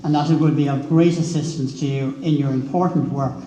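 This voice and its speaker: A middle-aged Irish man giving a formal speech at a book launch, pausing often with filler sounds. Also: medium pitch, steady tone, warm tone. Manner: hesitant, many filler sounds. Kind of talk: formal speech reading out quotes. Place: large echoey hall. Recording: echoey hall with long reverb.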